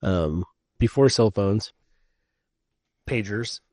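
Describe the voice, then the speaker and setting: A middle-aged man co-hosting a casual podcast chat, telling stories in an animated way and swearing freely. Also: on the low side, slow, no room sound, clean studio sound. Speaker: podcast co-host.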